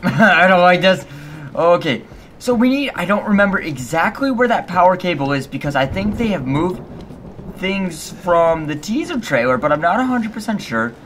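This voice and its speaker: A man's voice: high-pitched, very animated, normal speed, fairly bright tone, a little hiss or hum. A young man hosting a let's play of a horror game, nervous and jumpy, swearing often and laughing between scares. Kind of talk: casual gaming commentary.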